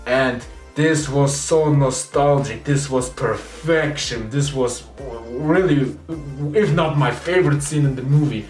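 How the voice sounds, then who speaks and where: A young man excitedly recapping a film's scenes in a casual spoiler review, acting out the characters' lines as he goes. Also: mid-range voice, takes it slowly, few pauses. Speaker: movie reviewer. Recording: echoey room, distant mic, faint music.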